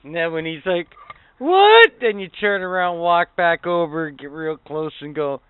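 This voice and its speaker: A man in casual podcast banter, cracking dry deadpan crude jokes. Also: on the high side, moderate pace, clean tone. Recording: phone-like sound with faint hiss.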